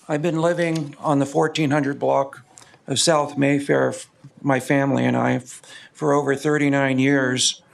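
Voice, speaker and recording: A middle-aged man giving a measured public comment at a council meeting, halting with fillers. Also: medium pitch, little pitch movement, creaky. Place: council chamber.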